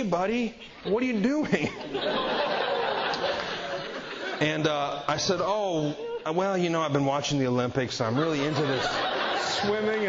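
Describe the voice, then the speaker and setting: Male preacher with a slightly high voice, self-deprecating humor, live crowd laughing, dull lo-fi audio. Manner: self-deprecating storyteller acting out quotes. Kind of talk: humorous sermon story.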